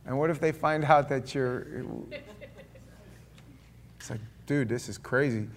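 A middle-aged man preaching a sermon, telling a story with lively acted-out dialogue. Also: mid-range voice, unhurried, a little hiss or hum. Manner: storytelling, animated, acts out dialogue. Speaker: pastor.

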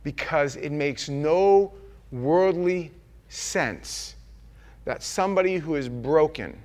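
A man's voice: on the high side, expressive, slow pace, a little mellow. A man preaching a sermon in church, earnest and conversational, acting out the voices he quotes.

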